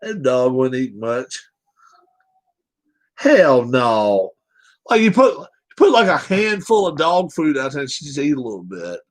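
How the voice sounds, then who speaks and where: A man's voice: medium pitch, big pitch swings, unhurried. A man hosting a casual livestream, blunt, joking and profane. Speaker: livestream host.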